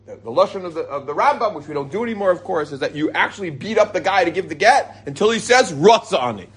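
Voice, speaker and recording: High, husky-voiced man giving a Torah class. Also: animated, quick pace, fairly bright tone. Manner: reads Hebrew passages then explains them in casual English, with jokes. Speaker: rabbi teaching a Torah class. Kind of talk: informal Torah lesson to a live group.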